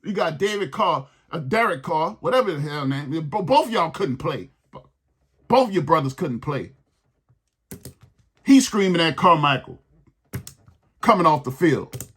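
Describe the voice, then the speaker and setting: A man's voice: fairly high pitch, animated, unhurried, pauses often, fairly bright tone, breathy edge. A man hosting a sports podcast, ranting in a heated, exasperated way and repeating his points.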